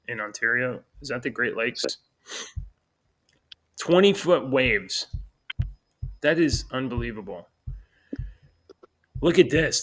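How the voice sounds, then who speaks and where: A man's voice: mid-range voice, a bit bright. A man co-hosting a podcast in casual chat, joking around and reading news items aloud with frequent restarts. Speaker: podcast co-host.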